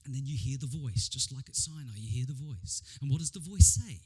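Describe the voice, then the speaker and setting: Husky, animated preacher man. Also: mid-range voice, fairly quick. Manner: animated storytelling, frequent stammered repeats. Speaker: pastor. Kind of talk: sermon.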